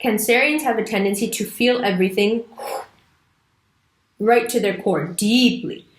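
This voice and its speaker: A woman's voice: medium pitch, measured pace. A woman giving a casual, emphatic astrology talk to camera, sometimes putting on playful little voices. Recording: echoey room.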